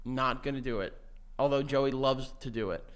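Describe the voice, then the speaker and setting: A man's voice: mid-range voice, moderate pace. A young man co-hosting a podcast, joking in profane, casual banter that often trails off mid-thought. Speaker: podcast co-host. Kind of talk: casual chat.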